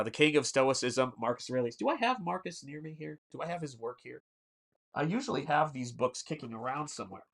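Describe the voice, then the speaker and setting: A man's voice: medium pitch, a bit bright. Rambling Southern man hosting a livestream. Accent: Southern American. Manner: rambling, reads chat aloud, many fillers and restarts. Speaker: artist and livestream host. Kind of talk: casual livestream chat while painting.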